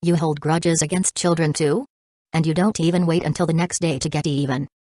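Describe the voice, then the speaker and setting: A sarcastic male winged horse from a storybook sneers at his companion in a low, flat tone, as a woman narrator puts him on. The delivery is dry and disdainful, close and dead in the room. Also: a little fast, dry recording.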